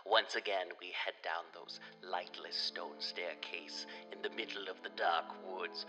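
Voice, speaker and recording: A man's voice: low voice, steady tone, a little slow, hardly any pauses, pushed and bright, soft background music, poor audio. A man hosting a podcast, theatrical and jokey as he greets listeners and reads announcements. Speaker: podcast host. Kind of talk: casual podcast chat.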